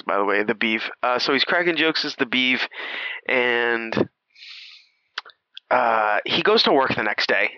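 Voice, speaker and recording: A man co-hosting a podcast, recapping a movie in crude, laughing, animated casual chat. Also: mid-range voice, dry recording, highs cut off. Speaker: podcast co-host.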